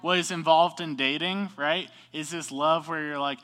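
A man's voice: fairly high pitch, fairly even intonation, normal speed, pushed and bright, smooth. A young man teaching a class in a casual, upbeat way, often checking in with the group. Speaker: youth teacher.

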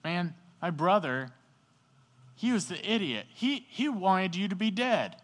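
A man's voice: sits high, sing-song, measured pace, pitched above the performer's own voice. A man doing an indignant older brother. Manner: complaining, whiny, slangy. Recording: echoey hall.

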